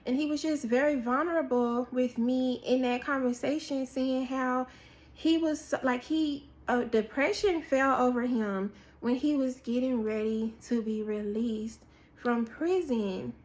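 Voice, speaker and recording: A woman preaching a prophetic word in sermon style. She tells an animated story, acts out what people said, and repeats key phrases for emphasis. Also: sits high, a little slow. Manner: animated storytelling with acted-out quotes, repetition for emphasis.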